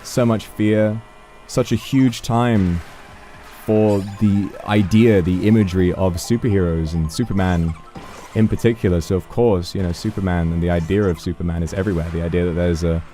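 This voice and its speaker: A man's voice: low voice, steady tone, normal speed, dark tone, faint music behind. A man streaming a racing game in casual chat, reacting to the race and musing emotionally about a film.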